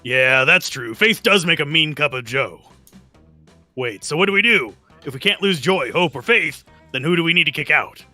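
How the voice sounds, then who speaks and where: A man's voice: on the high side, lively intonation, moderate pace, sharp tone, soft background music. A man reading as an earnest military girl. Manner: reading game dialogue aloud, earnest. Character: earnest military-minded female camper.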